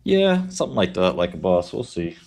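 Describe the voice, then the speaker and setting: Brief: male livestream host, lowish voice, blunt, offhand, casual advice. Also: sing-song, fairly quick, darkish tone, a little hiss or hum.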